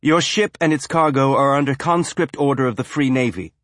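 A man voicing a calm, firm woman ship captain with a wry edge. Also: medium pitch, no room sound, studio quality, pitched above the performer's own voice, natural voice. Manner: calm, measured.

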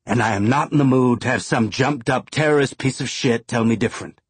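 A man voicing a hardened male rebel leader who speaks softly and gives clipped commands, in an audiobook. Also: mid-range voice, brisk, husky, dry recording. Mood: growling. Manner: soft, controlled, clipped commands. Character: older male revolutionary leader, calm but menacing.

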